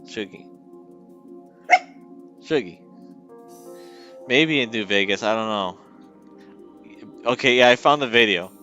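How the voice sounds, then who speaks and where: A man's voice: lowish voice, moderate pace, long pauses, pushed and bright, muffled recording, soft background music. A man streaming as a game developer, chatting casually and teasing his dog at home.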